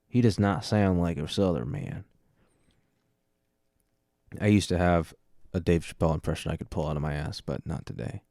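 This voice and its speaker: Young man, podcast host, very low voice, dry close mic, rambling self-mocking chat. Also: normal speed, gravelly, pauses often, dark tone, no room sound. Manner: rambling, self-deprecating, jokey asides. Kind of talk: solo casual chat. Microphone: dynamic microphone up close.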